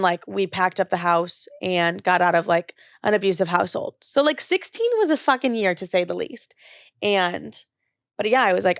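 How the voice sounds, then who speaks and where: A woman's voice: medium pitch, clean tone, dry recording. Young woman, podcast host, casual monologue, blunt and candid, lots of cursing, chatty fillers, dry close sound. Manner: candid and blunt, swears freely.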